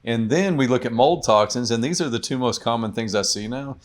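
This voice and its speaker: A man's voice: medium pitch, fairly quick. A man, a doctor and podcast guest, chatting casually and telling stories in which he acts out the people he quotes. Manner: storytelling, acts out quoted patients.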